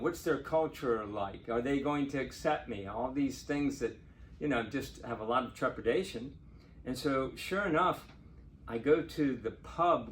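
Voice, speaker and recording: An older man, a lawyer, telling a true personal story in a chatty, animated way and laughing now and then. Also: medium pitch, slight background noise. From Portsmouth, Virginia. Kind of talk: casual spoken storytelling.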